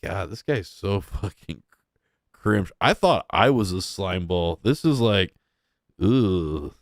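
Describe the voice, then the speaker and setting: A man's voice: low voice, lively intonation, takes it slowly, dry recording, clean studio sound. A young man giving casual, crude and mocking reaction commentary as a streamer.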